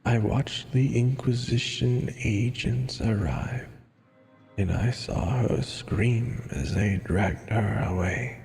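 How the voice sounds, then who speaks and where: A man reading game dialogue aloud, voicing a weary, withered ghost with a tired, gravelly voice and a slow, heavy delivery. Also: a little mellow, faint music behind. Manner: slow, heavy storybook reading with low sinking tones. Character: weary withered ghost, echo of a dead sailor.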